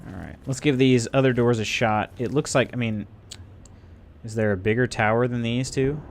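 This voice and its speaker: A man's voice: medium pitch, moderate pace. A man streaming a game live, chatting casually and thinking aloud to his viewers. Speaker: gaming streamer. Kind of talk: casual live gameplay commentary.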